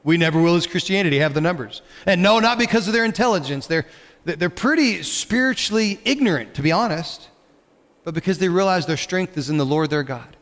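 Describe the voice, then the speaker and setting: A man's voice: high voice, lively intonation, brisk, fairly bright tone. Male pastor preaching in a reverberant hall. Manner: conversational, asks the congregation questions. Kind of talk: sermon. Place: church sanctuary.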